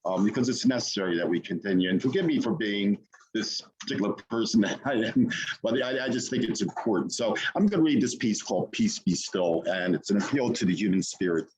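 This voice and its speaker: A man poet on a video call who gives a hesitant spoken preface and then recites a poem in an earnest, measured way. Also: fairly low pitch, animated, a little mellow, husky, low-quality recording. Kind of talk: poetry reading.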